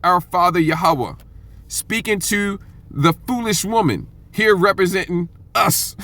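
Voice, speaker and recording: A man's voice: a little high, sharp tone, no echo. A man preaching a sermon and teaching scripture in an emphatic, conversational way, often checking in with "okay?" and slipping into blunt slang. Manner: blunt street slang and occasional profanity.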